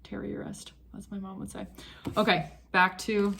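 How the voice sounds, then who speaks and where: A woman's voice: medium pitch, little pitch movement, moderate pace, vocal fry, a bit bright, slight background noise. A young woman vlogging about knitting at home in a chatty, rambling way that wanders off topic. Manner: chatty, rambling, easily sidetracked. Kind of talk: casual chat.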